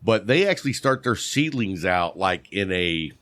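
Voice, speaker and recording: A man's voice: low voice, big pitch swings, normal speed, slight background noise. A man co-hosting a casual podcast chat, quizzing his partner on terms and calling out right answers with playful exclamations. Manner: playful quizmaster, shouts "bam" on right answers.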